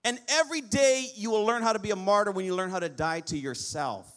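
A male pastor preaching a lively sermon, often asking the congregation for an amen. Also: sits high, fast. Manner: lively preaching with call-and-response amens.

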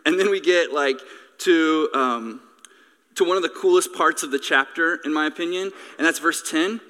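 Male pastor, sermon, animated and joking, bright voice, echoey hall. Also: on the high side, normal speed.

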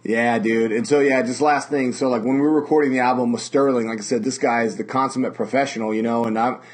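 A man's voice: mid-range voice, fairly even intonation, fast talker. Male podcast host and metal singer, swears a lot, circles back and restarts his sentences. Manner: rambling, profane, many fillers and restarts. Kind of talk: casual conversation. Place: lives in Las Vegas.

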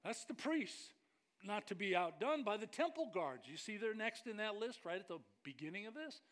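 Animated, high-voiced male pastor preaching. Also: normal speed. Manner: animated, joking with the congregation. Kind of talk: sermon.

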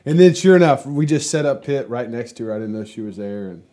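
A laid-back man hosting a podcast, talking in a loose, slangy way and swearing freely. His voice is mellow and relaxed. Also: mid-range voice, quick pace. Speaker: podcast host. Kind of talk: casual chat.

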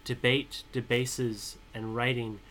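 Bright-voiced man reading a poem. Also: medium pitch, flat delivery, slight background noise. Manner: dry, teasing, measured when reading. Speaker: podcast co-host and poet. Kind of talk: casual chat and poetry reading.

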